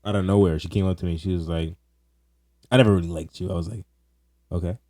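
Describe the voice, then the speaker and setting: Deep-voiced young man, teasing. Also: steady tone, fast talker, dark tone, dry recording. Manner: teasing, joking, laughs through stories. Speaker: podcast co-host. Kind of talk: casual chat.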